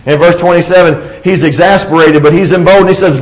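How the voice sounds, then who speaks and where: A man preaching a sermon, speaking with passion, rising to emphatic peaks and dropping to soft asides as he reads scripture aloud. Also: a little high, fairly even intonation, fairly quick, few pauses, low-quality recording.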